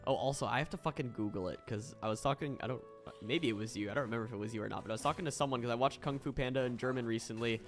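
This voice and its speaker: A man's voice: medium pitch, rapid-fire, hardly any pauses, faint music behind. A young man from Florida, chatting casually on a stream, swearing a lot and laughing often. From Florida, USA.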